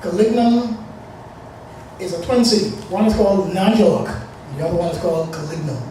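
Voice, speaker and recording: A man in his forties from the Bahamas tells a personal story in a loose, conversational ramble. His voice sits high. He is captured from a distance in a very echoey room, with a faint hiss underneath. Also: a little fast, dark tone. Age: 40s. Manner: rambling, conversational, with many fillers.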